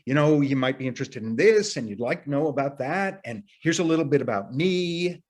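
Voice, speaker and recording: Here the workshop leader sounds expressive and a bit quick, his voice on the high side and slightly mellow. Teaching arts participants casually and earnestly, he now and then restarts sentences while thinking aloud and lets slip mild profanity.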